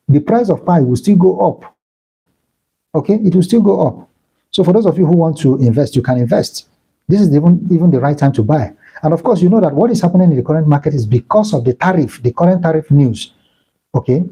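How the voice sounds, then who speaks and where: A crypto live-stream host from southeastern Nigeria, speaking with an Igbo accent, runs a casual stream where he repeats himself and thanks and blesses viewers while reading their comments. His fairly high voice is expressive, quick-ish, dark and husky, and the audio quality is poor.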